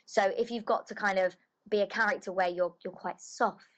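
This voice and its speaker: A woman's voice: medium pitch, fairly even intonation, fairly quick, low-quality recording. A woman voice actress chatting casually in an interview, loose and full of filler phrases. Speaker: voice actress guest.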